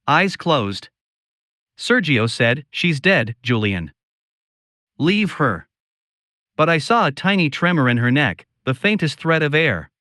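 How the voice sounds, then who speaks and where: A man narrating a scripted first-person story in a slow, solemn, confiding way. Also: a little high, fairly bright tone, no room sound, studio quality.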